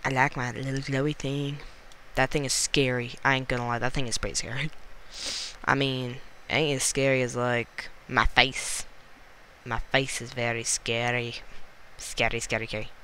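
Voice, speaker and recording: A man's voice: medium pitch, flat delivery, normal speed, bright, forceful tone, a little hiss or hum. A man hosting a gaming channel, giving playful, jokey let's-play commentary into a desk mic and exclaiming often.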